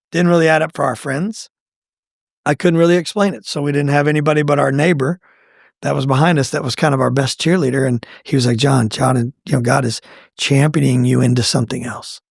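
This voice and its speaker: A middle-aged man telling his own faith testimony in a conversational, animated way, acting out what people said. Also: gravelly, dry recording, clean studio sound. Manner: animated, acts out quoted lines with pitch jumps. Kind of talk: conversational storytelling.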